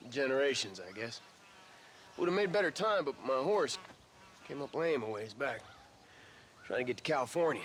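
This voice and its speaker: An actor playing a weary, folksy drifter heading west in a western video game. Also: male voice, medium pitch, slight background noise, lightly acted.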